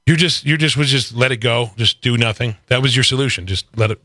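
A man's voice: mid-range voice, fairly quick, bright, forceful tone, no room sound. A man co-hosting a casual political talk show, sarcastic, often restarting with repeated words.

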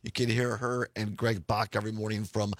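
A man hosting a talk radio show from a studio, chatting and laughing easily with a hoarse voice. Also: lowish voice, flat delivery, fairly quick, dry recording. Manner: laughs often, warm easygoing rambling. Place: radio studio in an office building.

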